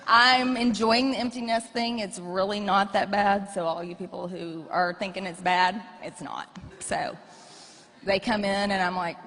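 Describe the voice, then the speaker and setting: A woman's voice: medium pitch, slow, fairly bright tone. A woman in her forties telling frank, joking stories about her family and her coach husband to an audience. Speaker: coach's wife, guest. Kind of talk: candid storytelling to an audience. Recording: echoey hall.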